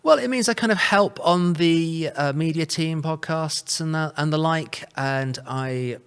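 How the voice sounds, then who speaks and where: A man's voice: fairly high pitch, measured pace, fairly bright tone, clean tone. A man from South Africa with an English accent carrying a South African trace, talking as a guest in a wordy, hedging way with lots of "sort of" and "kind of". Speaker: podcast guest. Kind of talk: casual conversation.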